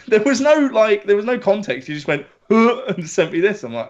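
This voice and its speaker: A man from England telling stories in a casual podcast chat, sweary and animated. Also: high-pitched, normal speed. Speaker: podcast co-host. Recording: dull lo-fi audio.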